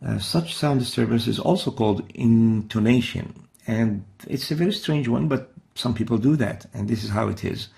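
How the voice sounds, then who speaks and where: A man with a mid-range, darkish voice and some vocal fry teaches Quran recitation in a recorded lesson. He explains with patience, sounding out each sound slowly and with care.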